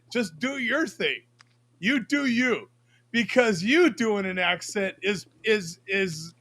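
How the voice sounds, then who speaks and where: A man hosting a casual livestream chat, excitable and quick to laugh. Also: high voice, dry recording. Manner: excitable, laughs often, restarts. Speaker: host.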